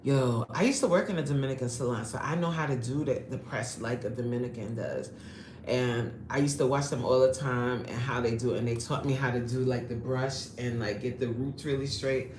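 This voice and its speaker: A woman's voice: extremely low pitch, fairly quick, a little mellow, roomy sound, a little hiss or hum. A woman hosting a casual live stream, chatting animatedly with her viewers, laughing often and greeting them by name. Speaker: live-stream host reading chat.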